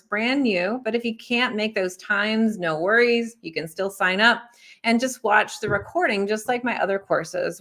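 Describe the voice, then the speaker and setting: A woman's voice: medium pitch, a bit bright. Woman, spiritual card reader, casual reading to viewers; friendly, reassuring, chatty delivery. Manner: friendly, reassuring, conversational with many fillers. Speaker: intuitive oracle card reader and spiritual teacher.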